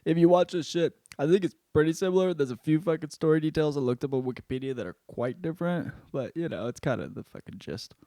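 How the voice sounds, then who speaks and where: A man hosting a podcast, rambling through a casual book review with constant swearing and animated storytelling. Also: a little high, quick pace, hardly any pauses, dry recording, clean studio sound. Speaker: podcast host.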